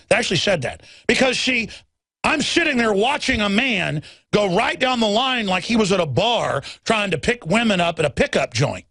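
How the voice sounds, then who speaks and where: A middle-aged man hosting a talk show, ranting hard in a high, gravelly voice that swings wildly up and down. He keeps acting out other people's lines. The sound is dry and close. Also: very animated, normal speed, bright, forceful tone, dry recording. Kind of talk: impassioned monologue.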